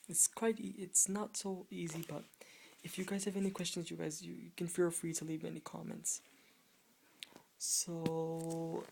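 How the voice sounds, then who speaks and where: A woman teaching a video lesson on Spanish grammar rules, explaining patiently and haltingly, often restarting phrases and pointing at written words. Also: fairly low pitch, vocal fry, warm tone, breathy edge.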